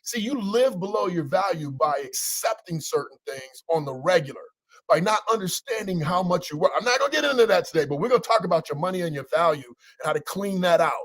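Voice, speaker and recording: A man hosting a casual motivational talk as a coach, energetic and teasing, with preacher-like repetition. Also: sits high, fast, dry recording, poor audio. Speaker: coach and show host.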